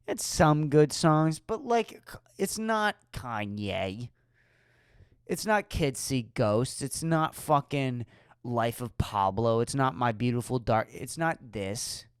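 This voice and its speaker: A woman's voice: a bass voice, lively intonation, slow, clear, resonant tone, no echo, studio quality. A woman hosting a solo podcast, ranting with profane, sarcastic rhetorical questions. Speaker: podcast host.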